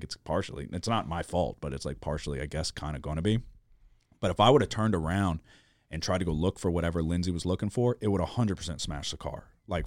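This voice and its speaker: A man's voice: low voice, no echo, clean studio sound. A young man hosting a podcast, telling a chaotic story in casual chat, with lots of swearing and filler words.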